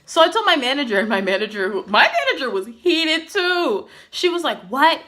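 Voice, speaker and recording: A young woman chats through a casual storytime for her vlog, full of fillers and animated swings between exasperation and laughter. Her voice is bright and forward, sitting a little high for a woman. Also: brisk. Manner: chatty, filler-heavy with many "like"s and "literally"s. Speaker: vlogger.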